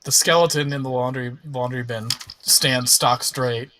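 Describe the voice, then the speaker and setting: A man narrating as game master of a tabletop game, relaxed and halting, with fillers. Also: medium pitch.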